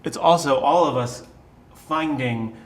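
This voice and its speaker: A man's voice: on the high side, measured pace. A man, a songwriter, answering interview questions thoughtfully with many fillers. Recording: echoey and distant.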